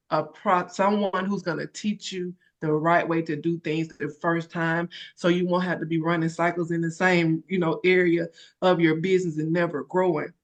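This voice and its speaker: Tearful woman telling her story. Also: lowish voice. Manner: animated storytelling, acts out others' voices. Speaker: credit repair consultant sharing her story. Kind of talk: emotional personal testimony.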